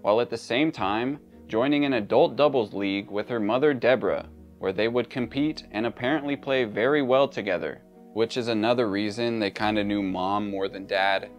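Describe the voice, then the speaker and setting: A man's voice: fairly low pitch, normal speed, faint music behind. A man narrating a true crime story in a conversational way, with casual asides.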